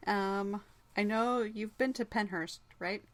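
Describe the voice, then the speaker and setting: A woman's voice: mid-range voice, slow pace, a crowd in the background. A woman hosting an interview, mostly giving brief encouraging interjections and asking questions. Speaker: radio host.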